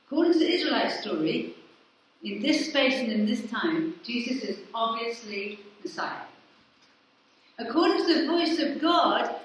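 A woman's voice: a little high, slight background noise. Woman preaching in a very echoey church. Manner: asks the congregation questions, then answers them. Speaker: vicar preaching. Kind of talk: sermon. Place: large church hall. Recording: echoey church, speaker far from the mic.

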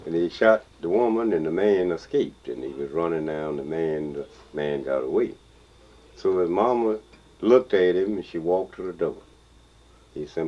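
An older man with a Texas Southern accent, telling a folk story in a slow, drawling, chuckling way. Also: low-pitched. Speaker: blues songster and storyteller. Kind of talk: folksy spoken storytelling. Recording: dull lo-fi field recording with guitar.

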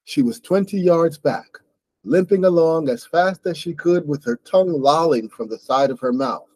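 A man's voice: on the high side, moderate pace, darkish tone, dry recording, poor audio. A man with an American accent hosting an English book club, reading a novel aloud and explaining it to learners in a patient way, often checking in with "right?". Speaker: host and English teacher.

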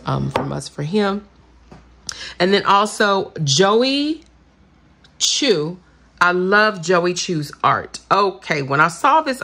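Gushing woman with gravelly voice. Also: deep voice, a bit bright. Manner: gushing, chatty, says "y'all" often. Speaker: vlogger showing purchases. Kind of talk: casual haul video chat.

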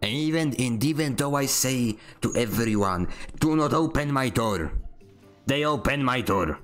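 A man's voice: medium pitch, expressive, measured pace, soft background music. A young man, streaming a game and barking short voice commands, sarcastic and easily annoyed. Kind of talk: casual gameplay streaming with voice commands.

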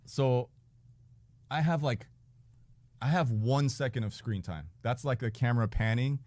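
Animated, profane male storyteller. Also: mid-range voice, unhurried, no room sound. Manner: animated, profane, laughs often, acts out quotes. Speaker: podcast guest. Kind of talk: casual storytelling chat.

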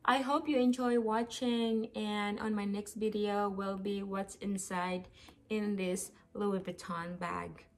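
Slow, gushing woman unboxing on a vlog. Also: medium pitch. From Philippines. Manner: gushing, excited exclamations. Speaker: vlogger.

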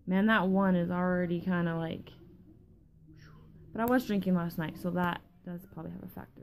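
A woman's voice: mid-range voice, darkish tone, a little hiss or hum. A young woman vlogging in a casual rambling way, tired from lack of sleep, swearing often and losing her train of thought. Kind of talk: casual rambling vlog chat.

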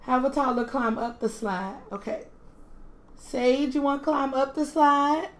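A woman's voice: high-pitched, steady tone, unhurried. Doting woman gushing over her game. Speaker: game streamer. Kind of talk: casual gameplay commentary.

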